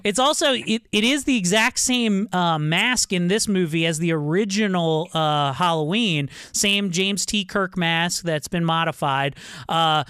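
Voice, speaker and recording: Smooth-voiced man chatting about movies. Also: high-pitched, unhurried, a bit bright, no room sound, studio quality. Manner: loose and chatty, laughs often, swears casually. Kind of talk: casual movie discussion.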